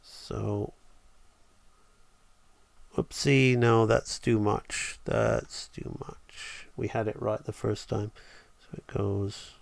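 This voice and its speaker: Slow, gravelly man teaching animation. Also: lowish voice, steady tone, dry recording. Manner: enthusiastic, thinking aloud while drawing. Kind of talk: live-streamed drawing tutorial.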